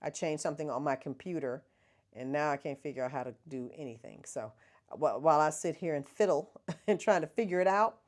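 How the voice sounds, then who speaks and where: A woman's voice: sits low, a little fast, a little mellow. A middle-aged woman, chatting casually with viewers as the host of a livestream. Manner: chatty, laughs often, talks to viewers as y'all.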